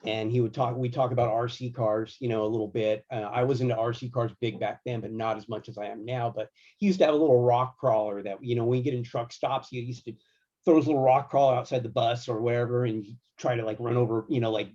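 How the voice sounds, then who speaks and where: A man working as a guitar tech, telling tour stories in a casual, slangy, animated way. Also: mid-range voice, fast, muffled recording. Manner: animated, laid-back, slangy. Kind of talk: casual storytelling.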